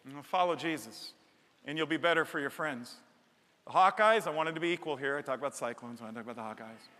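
A middle-aged man preaching a sermon as a pastor, animated and joking, building to emphatic repeated lines on a stage microphone. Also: high-pitched. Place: large church hall. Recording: long hall reverb.

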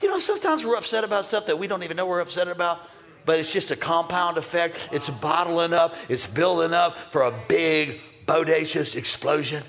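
A male pastor preaching an energetic, playful sermon and calling out to his congregation. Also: a little high, fairly quick.

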